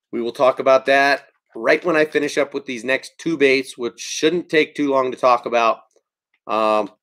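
A man hosts a casual live stream and talks through his favorite baits in a loose, easygoing way. He fills his pauses with ums and breaks off to answer viewers' comments as they come in. His voice sits at an ordinary middle pitch for a man. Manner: relaxed, rambling with frequent ums. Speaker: fishing channel host.

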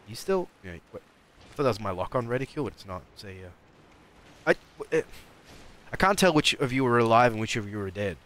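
A man's voice: medium pitch, big pitch swings, fast, a bit bright. A man giving rambling live commentary while playing a game, mumbling and talking back at the enemies on screen. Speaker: streamer.

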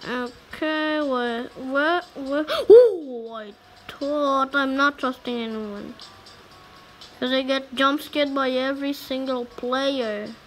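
A woman's voice: sits high, slow, soft background music. A woman gamer giving chatty, exclaiming, slangy commentary as she plays. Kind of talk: casual let's-play commentary.

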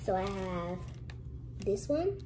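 A young woman chatting casually to camera in a vlog, lively and sometimes dropping to hushed whispers. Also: mid-range voice, takes it slowly, noisy background. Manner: lively, switches to hushed whispers when nervous. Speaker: vlogger.

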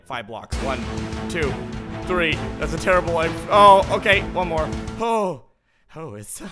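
A man giving casual gameplay commentary as a gaming host. He is playful and jokey, chats to the animals in the game, and sounds slightly hoarse. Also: on the high side, sharp tone.

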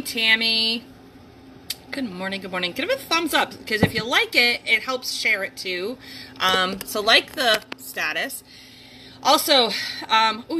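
Woman, middle-aged, from the Northeast US; rambling livestream host, crisp bright voice. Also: medium pitch, slight background noise, rough recording. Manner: chatty, rambling, greets viewers by name. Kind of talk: casual livestream chat. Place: home, near a heater and dogs.

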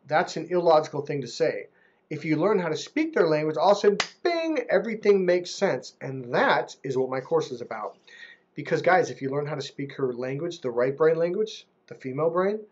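A man giving relationship coaching in a casual monologue to camera. He talks in an animated way and mimics how other people speak. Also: on the high side, a little fast, husky, highs cut off.

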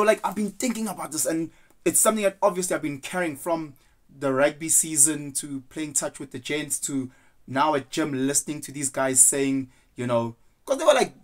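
A young man talking through his thoughts in a casual, rambling monologue, earnest and loose, slipping into quoted voices now and then. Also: on the high side. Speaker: vlogger.

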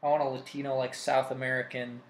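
A man's voice: mid-range voice, little pitch movement, fast. A man co-hosting a comic book show in casual chat, rambling and trailing off mid-sentence. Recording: roomy echoey room.

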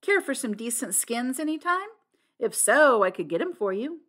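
A rough, taciturn middle-aged hunter in an audiobook, read by a woman, clipped and plain-spoken. His short phrases come out blunt and awkward, with little to say. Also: on the high side, big pitch swings, normal speed, fairly bright tone, pitched above the performer's own voice. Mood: gruff, awkward. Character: gruff, awkward middle-aged male hunter, few words.

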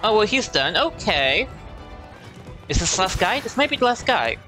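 A man giving casual gameplay commentary in a let's play, animated and playfully complaining. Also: sits high, moderate pace, over music.

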